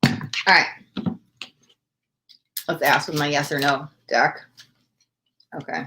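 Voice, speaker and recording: A woman's voice: low voice, steady tone, takes it slowly, noisy background. A woman from the United States hosting a livestream tarot reading, gushing with thanks and chatting casually with lots of "like" and "oh my God.".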